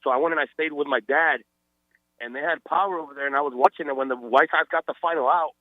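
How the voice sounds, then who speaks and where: A man's voice: on the high side, fast talker, no echo. A man calling in to a radio show, talking casually and hesitantly with many fillers, on a tinny phone line. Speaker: caller.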